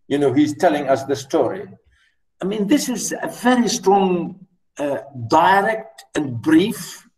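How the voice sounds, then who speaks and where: Slow emphatic teacher lecturing. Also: male voice, a little high, distant mic, low-quality recording. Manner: emphatic, repeats words, many "you know" fillers. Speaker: literature teacher. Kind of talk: classroom lecture.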